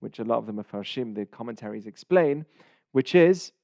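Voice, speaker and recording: A man's voice: mid-range voice, animated, gravelly, a little mellow, no echo, studio quality. Man teaching a casual Torah lesson. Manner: explains in short phrases with pauses, glossing Hebrew terms.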